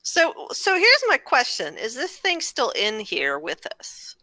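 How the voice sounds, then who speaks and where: A woman's voice: fairly high pitch, wildly swooping pitch, slow pace, bright, forceful tone, dry recording. A woman playing a tabletop game, curious and thinking aloud as she talks. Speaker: player. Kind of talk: casual tabletop play.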